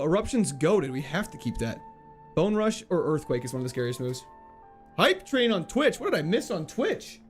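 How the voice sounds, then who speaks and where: A male streamer talking casually through a live game session, his fairly high voice bouncing animatedly as he jokes with chat. Quiet game music hums underneath him. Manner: chatty and playful, laughing often. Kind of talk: casual live gameplay commentary, reading chat.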